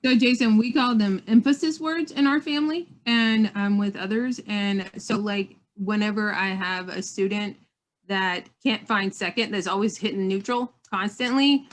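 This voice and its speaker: A woman coaching motorcycle riders, chatting on a video call in a friendly, animated way and often repeating herself. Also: medium pitch, normal speed. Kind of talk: casual video call chat.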